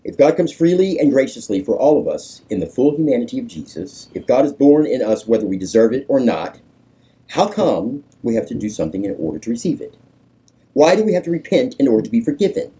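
A male pastor, preaching to a small group in a husky, breathy voice with a low, dark tone. He swings widely in pitch, coaxing answers and building to emphatic peaks. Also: very animated, quick pace, low-quality recording. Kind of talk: conversational sermon with group discussion.

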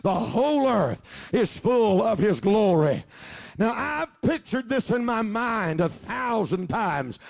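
A middle-aged man preaching a fervent sermon, often rising to shouts. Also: very high-pitched, gravelly. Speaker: pastor.

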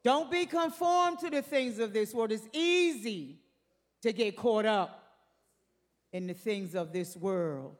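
Slow-preaching older woman in reverberant hall. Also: a little high. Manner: emphatic, repeats phrases, addresses congregation directly. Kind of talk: sermon.

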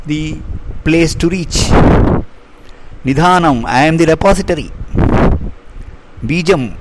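A man's voice: on the high side, very noisy. Man chanting and explaining scripture. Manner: chants verses slowly, then explains line by line. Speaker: scripture teacher. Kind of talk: verse-by-verse scripture discourse.

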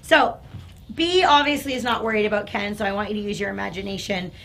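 A woman's voice: mid-range voice, fast talker, creaky. A woman dog trainer demonstrating and explaining on a live stream, indoors on a training floor. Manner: explanatory, coaxing dog in soft praise. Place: indoor training room with carpet.

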